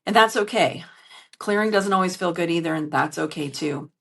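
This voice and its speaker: A woman podcast host and business coach speaks earnestly and emotionally to her listeners in a candid solo monologue. Her voice is low-ish and creaky, and she talks at a normal speed. She recorded it on a phone in a hotel room.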